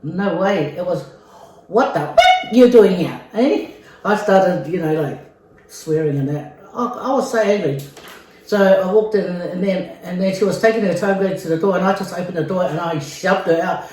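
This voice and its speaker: A woman's voice: lowish voice, normal speed, a little mellow, distant mic. A middle-aged woman from Samoa telling a story in a casual, chatty way, with lots of fillers and repeats. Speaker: vlogger. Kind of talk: casual storytelling during a mukbang. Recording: very echoey room.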